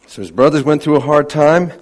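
A pastor delivers a heartfelt sermon in a fairly high-pitched man's voice. He swings from soaring, urgent appeals down to near-whispered solemn moments. He speaks directly to the people in front of him. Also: fairly quick, darkish tone. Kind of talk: evening sermon to a congregation.

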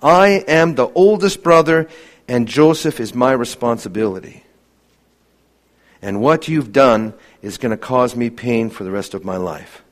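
A man voicing a grieving eldest brother in a sermon retelling, speaking in a hushed, reproachful tone. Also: medium pitch, expressive, a little slow, voice pushed down, natural voice.

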